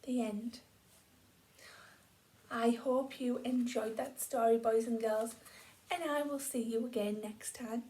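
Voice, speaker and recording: A woman teacher reading a picture book aloud to children with slow, expressive storytelling that drops to a hush for quiet moments. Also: on the high side.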